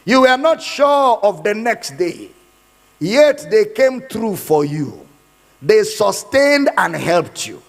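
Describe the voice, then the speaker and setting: A man's voice: sits high, very animated, takes it slowly, gravelly. A man preaching a sermon in a church, emphatic and given to repeating his points. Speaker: pastor. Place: church hall. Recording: hall reverb.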